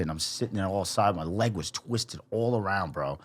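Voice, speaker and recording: A man's voice: on the low side, fast talker, no echo. Profane young man telling a crash story. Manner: profane, animated storytelling with acted-out quotes. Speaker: podcast guest. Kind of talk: casual storytelling.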